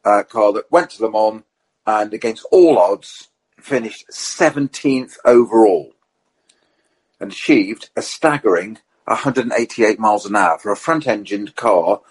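A man telling lively anecdotes in a relaxed podcast chat, acting out the quotes in his stories. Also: lowish voice, measured pace, breathy edge, rough recording. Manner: animated storyteller, acts out quotes.

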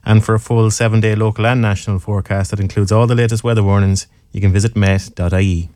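An Irish man reading the weather forecast and introducing a farming radio show in a steady, measured way. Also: lowish voice, dry recording, clean studio sound. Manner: measured, steady broadcast delivery.

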